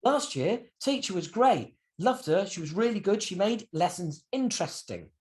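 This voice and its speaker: A man in his fifties, a guest musician telling stories animatedly in a candid interview, swearing freely. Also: moderate pace. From United Kingdom. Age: 50s. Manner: animated storyteller with swings in pitch and loudness, swears freely.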